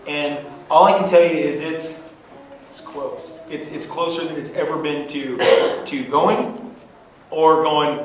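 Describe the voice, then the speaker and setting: A man on a convention panel, telling animated stories and acting out quotes in bursts of high pitch. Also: slow pace, a little hiss or hum. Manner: energetic, acts out quotes with sudden high-pitched outbursts. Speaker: comics creator on a convention panel. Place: large convention hall. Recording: echoey hall from far off with crowd.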